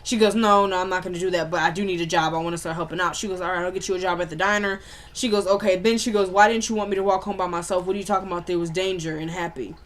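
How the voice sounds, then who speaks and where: A woman's voice: on the low side, steady tone. Chatty woman recapping a TV episode. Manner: chatty retelling, acting out characters' lines in quick back-and-forth; slangy, loose speech.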